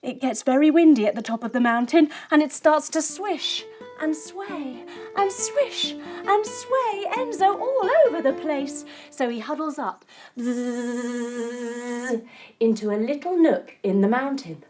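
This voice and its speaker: A woman's voice: high voice, lively intonation, a little slow, a little mellow, soft background music. A woman leading a children's yoga lesson as a story, playful and encouraging. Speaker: kids' yoga teacher.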